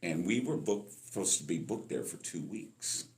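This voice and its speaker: Low and expressive, the voice moves at a moderate pace. It belongs to a sixty-something guest musician from Los Angeles who tells stories on an interview podcast, voicing the people he quotes.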